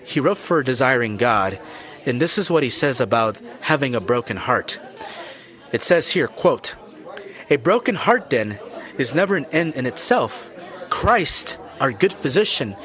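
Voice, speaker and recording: A man's voice: mid-range voice, a bit bright. A man hosting a Christian podcast, explaining scripture in an earnest, preacherly way and speaking straight to the listener. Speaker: podcast host.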